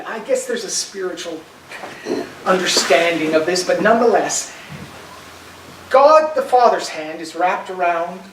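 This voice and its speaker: A male pastor delivers a sermon with emphatic urging, rising to loud pleas and dropping to quiet reassurance. His voice carries from a distance through a reverberant church, with a faint hiss underneath. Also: sits high. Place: church sanctuary. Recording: echoey church from far off.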